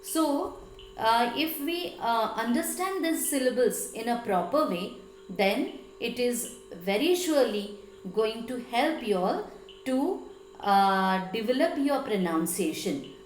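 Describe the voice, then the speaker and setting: A woman with an Indian English accent teaches at a very slow, deliberate pace, spelling out words letter by letter. Her voice sits a little high and rings in an echoey room with faint music behind. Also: lively intonation. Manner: slow, careful, spelling out letters with frequent fillers. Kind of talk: classroom lesson explanation.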